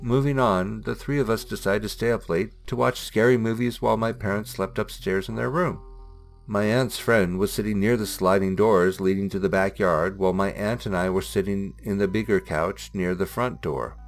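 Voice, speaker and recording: A man narrating listener-submitted ghost stories in a measured, suspenseful reading style. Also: on the low side, steady tone, soft background music. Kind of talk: scripted storytelling narration.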